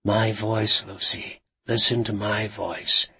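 A man voicing a woman who speaks in a steady, lulling way, urging someone to listen and close their eyes. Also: on the low side, takes it slowly, husky, heavily acted. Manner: soft, lulling, urgent pleading. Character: calm, coaxing woman trying to soothe someone.

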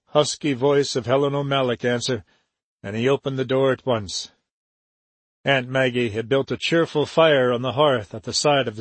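A man narrating an audiobook in a steady, even reading. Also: mid-range voice, no echo. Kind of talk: scripted narration.

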